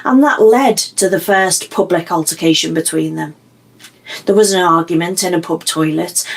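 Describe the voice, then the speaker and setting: A woman, giving measured, explanatory commentary in a true crime documentary. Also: fairly low pitch.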